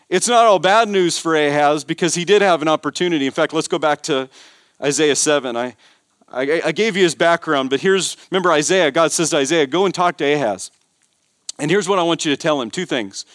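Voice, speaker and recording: A man's voice: on the high side, normal speed, a bit bright, no echo, clean studio sound. A man preaching a sermon as pastor, emphatic, repeating words and building intensity. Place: church.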